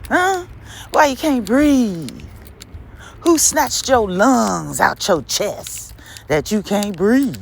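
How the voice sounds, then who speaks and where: Preachy woman host with lively swings. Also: drawn-out words, creaky. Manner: emphatic, rhetorical questions, laughs often; dramatic swings from high exclamations to low drawl. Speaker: podcast host. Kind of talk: preachy motivational monologue.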